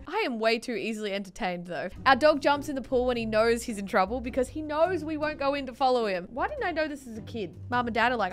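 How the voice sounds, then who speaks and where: A woman's voice: fairly high pitch, lively intonation, brisk, few pauses, faint music behind. A young woman, giggly and casually swearing as she reacts to funny clips on her channel. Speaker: YouTuber reacting to TikToks.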